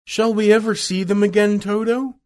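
A man's voice: steady tone, moderate pace, a little mellow, lightly acted. A man doing an earnest young girl. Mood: sad. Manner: high childlike pleading.

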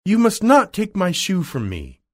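Man doing a little girl for a storybook, high and earnest, kinda husky underneath. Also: expressive, moderate pace, a little mellow. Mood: angry. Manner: high childlike pleading. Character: young girl, earnest and upset.

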